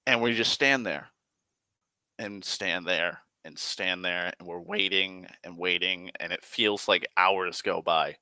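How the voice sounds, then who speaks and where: A man tells a story from a tabletop game in a loose, rambling way, swearing often and stumbling through restarts. His voice sits low and sounds bright and forceful. The recording is dry and close. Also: slow pace, smooth, no echo. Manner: rambling, profane, heavy on "like" fillers and restarts. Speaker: tabletop game player recounting a session. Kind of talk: casual spoken storytelling.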